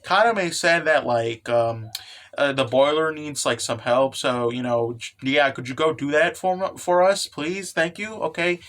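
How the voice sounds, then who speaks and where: A man's voice: fairly high pitch, measured pace, a bit bright. A man voicing a sweet, nervous young wife who stammers and hesitates, in a casual recap. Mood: flustered.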